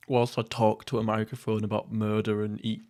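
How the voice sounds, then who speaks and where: A young man from England hosting a casual solo podcast while eating, rambling through jokey, crude, deadpan stories. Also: lowish voice. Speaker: podcast host. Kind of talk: casual solo mukbang chat.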